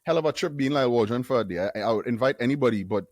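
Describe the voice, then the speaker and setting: A man in his forties from Trinidad with a Trinidadian accent, a guest telling stories in a casual interview, self-deprecating and quick to laugh. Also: medium pitch, dry recording, clean studio sound. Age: 40s. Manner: animated storyteller, self-deprecating, laughs often.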